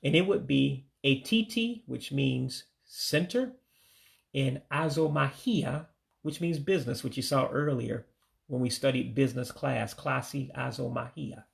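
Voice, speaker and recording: An American man giving a casual vocabulary lesson, saying each word slowly, repeating it, then giving its English meaning. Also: mid-range voice, vocal fry. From United States. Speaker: language learner teaching vocabulary.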